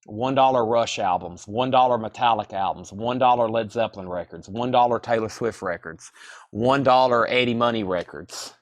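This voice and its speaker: A man's voice: mid-range voice, moderate pace. A man hosting a live-streamed vinyl sale from a record store, chatting casually and rattling off titles and prices. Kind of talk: live-stream sales patter.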